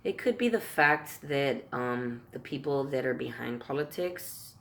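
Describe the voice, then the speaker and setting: A man's voice: mid-range voice, unhurried, gravelly, a bit bright, slight background noise. A man vlogging a heated rant to camera, swearing constantly and tripping over his words as he repeats himself. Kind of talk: profane political rant to camera.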